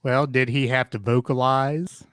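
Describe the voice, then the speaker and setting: A man's voice: mid-range voice, fairly even intonation, measured pace, fairly bright tone, clean tone, no room sound. A man co-hosting a casual comedy podcast, talking with lots of hesitant fillers and laughing often. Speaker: podcast co-host. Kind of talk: casual chat.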